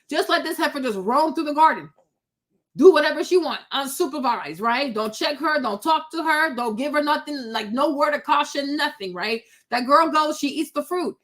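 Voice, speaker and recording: Blunt high-voiced woman ranting. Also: moderate pace. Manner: blunt, animated, preachy ranting. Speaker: commentary host. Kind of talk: casual reaction commentary.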